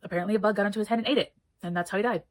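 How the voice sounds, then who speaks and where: A woman's voice: medium pitch, fairly even intonation, very fast, rough recording. A woman giving a casual book review, rambling and swearing freely as she chats. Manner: rambling, profane, chatty.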